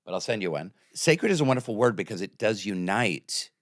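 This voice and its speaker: A middle-aged man with a low voice hosts a podcast conversation. He muses on ideas in a relaxed, reflective way and chimes in with short affirmations and quick jokes. The sound is dry and close to the mic. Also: no room sound. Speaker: podcast host. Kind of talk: conversational interview.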